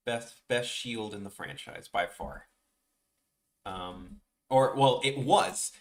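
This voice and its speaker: On his drawing livestream, a young Chicago-accented art streamer talks casually with viewers, meandering and frequently starting over. He has a mid-range, fairly bright voice.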